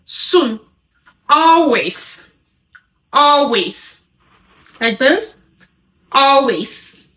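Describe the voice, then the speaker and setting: A woman teaching sign language, naming each sign and repeating it slowly as she demonstrates. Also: sits high, animated, a bit bright, echoey room.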